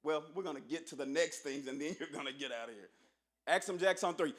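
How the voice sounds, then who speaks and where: Brief: high-pitched man, university speaker, punchy motivational crowd-rousing delivery. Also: fast, fairly bright tone. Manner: preacher-like, emphatic, calls for audience response. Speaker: university administrator speaking at orientation. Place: large auditorium.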